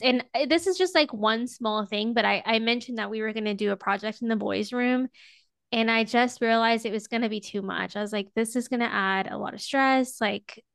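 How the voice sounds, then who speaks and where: A woman's voice: on the high side, gravelly, a bit bright, smooth, dry recording. Pregnant woman, podcast co-host, encouraging and chatty, resonant tone, dry sound. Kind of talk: casual faith chat.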